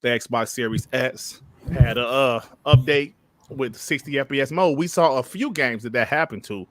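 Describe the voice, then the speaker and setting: A man's voice: mid-range voice, moderate pace, a bit bright, no echo, clean studio sound. A man hosting a casual gaming podcast, reading viewer messages aloud in a laid-back, slangy way and laughing often. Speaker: podcast host. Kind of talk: casual chat, reading super chats.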